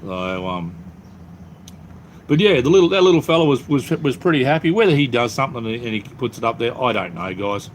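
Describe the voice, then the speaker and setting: A man's voice: mid-range voice, very animated, fairly quick, slight background noise. A middle-aged Australian man chatting casually on a live stream from his phone, rambling and poking fun at himself. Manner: rambling, self-mocking, easygoing.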